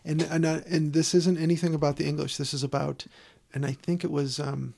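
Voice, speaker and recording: A man talks films in loose, easygoing chat, his voice a touch high and gravelly. He is animated and playful. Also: brisk. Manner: animated, playful, slips into silly put-on voices. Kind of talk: casual chat.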